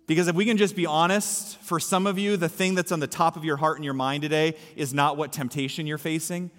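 Pastor guy preaching, kinda high voice, big echoey church hall. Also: steady tone, brisk, a bit bright. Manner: emphatic preaching with repeated punch lines. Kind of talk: sermon. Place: church sanctuary. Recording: echoey hall with long reverb.

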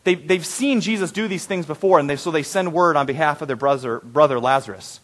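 Man, high voice, preaching, conversational, asks the congregation questions, dramatic quoted prayers. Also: brisk. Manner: acts out quoted prayers with rising intensity. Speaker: pastor. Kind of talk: sermon.

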